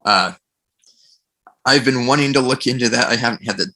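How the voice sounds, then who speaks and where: A man with a bright, forward voice talks in a casual podcast discussion. He retells stories with animation and slips into quick character voices for quoted lines. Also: medium pitch. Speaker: podcast guest.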